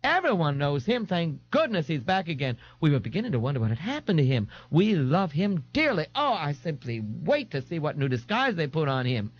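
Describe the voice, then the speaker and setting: A gushing, giddy young dandy. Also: male voice, a little high, sing-song, brisk, few pauses, voice pushed up. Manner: gushing, sing-song and effete, with breathy gasps. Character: flamboyant, giddy young man, teasing and theatrical. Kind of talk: audiobook character voice. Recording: dull, dry 1989 tape recording.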